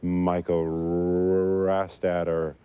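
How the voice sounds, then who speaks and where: A man answering questions as a guest in a studio interview, talking haltingly with many fillers and a stutter. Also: low-pitched, flat delivery, clear, resonant tone, phone-quality sound. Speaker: guest researcher.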